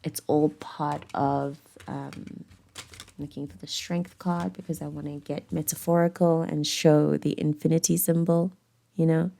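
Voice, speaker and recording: A woman's voice: low-pitched, level tone, unhurried, creaky, mellow. A woman with a South African accent giving a casual, rambling tarot reading, speaking candidly and swearing now and then. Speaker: tarot reader.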